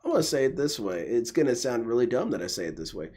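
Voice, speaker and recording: A man's voice: medium pitch, very animated, quick pace, darkish tone, slightly rough. A man hosting a restream, making sarcastic, mocking remarks. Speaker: restream host. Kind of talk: sarcastic stream commentary.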